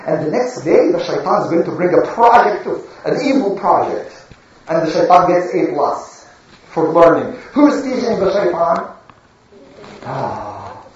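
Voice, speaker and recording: A religious storyteller telling a lesson to children and asking the listeners questions. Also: medium pitch. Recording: echoey room, far from mic, dull.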